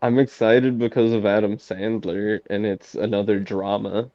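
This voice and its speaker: A man's voice: on the low side, little pitch movement, moderate pace, dark tone, no echo, muffled recording. A man co-hosting a casual movie podcast, talking in a laid-back way and laughing often. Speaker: podcast co-host.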